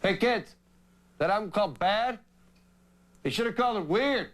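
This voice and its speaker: A man's voice: high-pitched, expressive, normal speed, noisy background. A man voicing a grumpy middle-aged suburban dad in a comedy sketch. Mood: grumbling.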